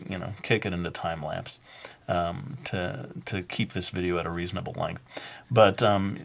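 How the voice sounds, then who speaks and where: Easygoing male drawing teacher with a lowish voice who hesitates often, with plenty of uhs and ums. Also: gravelly, fairly bright tone. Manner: halting, with frequent filler words. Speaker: drawing instructor. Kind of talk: drawing tutorial narration.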